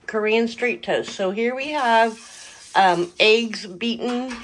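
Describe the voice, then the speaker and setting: A woman's voice: a little high, takes it slowly, a little hiss or hum. Middle-aged woman, home cooking vlog host, enthusiastic casual chatter. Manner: chatty, enthusiastic, talks with mouth full. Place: home kitchen.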